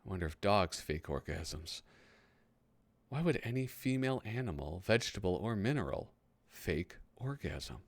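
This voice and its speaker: Chatty lively man in his thirties. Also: sits low, normal speed, creaky, no echo. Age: 30s. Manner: chatty, rambling, easily excited. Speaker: host. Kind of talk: casual commentary while flipping through a magazine.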